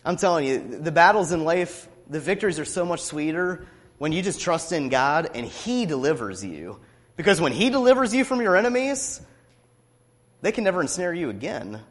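A pastor preaching a sermon, passionately building up to loud declamation as he reads scripture. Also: a little high, sing-song, moderate pace. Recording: long reverb of a hall.

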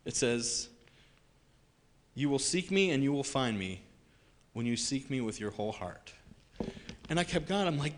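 A man giving an unscripted personal faith testimony, earnest and halting, with many restarts, repeated words and soft self-deprecating laughs. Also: a little high, sing-song. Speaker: lay speaker sharing a faith testimony.

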